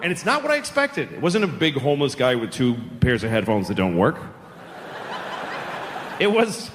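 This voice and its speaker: Middle-aged male stand-up, casual and profane, lively delivery; live theater with echo. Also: on the high side. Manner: profane, conversational storytelling. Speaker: stand-up comedian. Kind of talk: stand-up comedy. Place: large theater stage. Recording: echoing live hall, audience noise.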